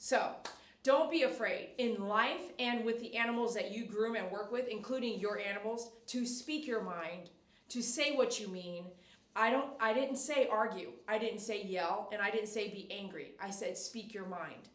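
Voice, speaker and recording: A woman's voice: mid-range voice, moderate pace, distant mic. A middle-aged woman dog groomer chatting on a live stream in her salon, giving emphatic, repetitive advice and coaxing a dog. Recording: echoey room, voice off-mic.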